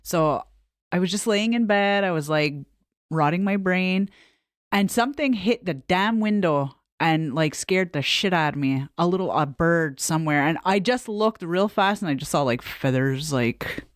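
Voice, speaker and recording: Her voice sits on the low side and moves at a moderate pace, captured in a dry, clean studio sound. As a podcast co-host, she tells a story during laid-back chat peppered with swearing and laughs.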